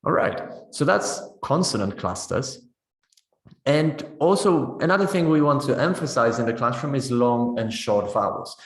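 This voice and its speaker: In a roomy-sounding recording, a mid-range male voice with lively intonation moves at a moderate pace. He's running a teacher-training webinar demonstration on pronunciation, laying things out one step at a time and often asking "right?"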